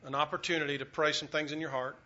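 A man preaching a sermon as pastor, telling a story earnestly, swelling loud and dropping quiet. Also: a little high, flat delivery, fast. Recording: dull lo-fi recording.

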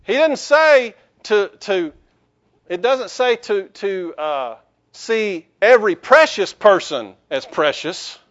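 A man's voice: high-pitched, sing-song, slow, fairly bright tone, highs cut off. A man pastor preaching a sermon in a conversational way, with restarts and rhetorical questions to the congregation.

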